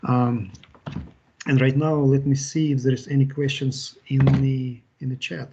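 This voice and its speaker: Guy wrapping up a webinar, lots of uhs and restarts, mid pitch, kinda dull lo-fi sound. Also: fairly even intonation, noisy background. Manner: halting, with frequent "uh" fillers and restarts. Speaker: webinar presenter. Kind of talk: live webinar Q&A and wrap-up.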